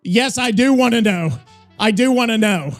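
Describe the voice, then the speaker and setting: Male host, casual stream chat, excitable, lots of swearing, high voice. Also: normal speed, soft background music. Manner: excitable, swears a lot, laughs along. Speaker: show host.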